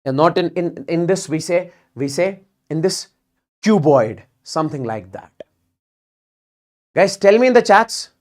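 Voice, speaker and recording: A man teaching physics in a live online exam-prep class, talking in animated bursts, repeating words and checking in with students often. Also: fairly high pitch, unhurried.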